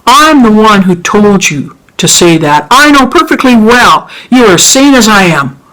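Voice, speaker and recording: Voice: mid-range voice, big pitch swings, a little slow, fairly bright tone, pitched above the performer's own voice, low-quality recording. A storyteller voicing an indignant lawyer insistently demanding his fee. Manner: pushy, insistent.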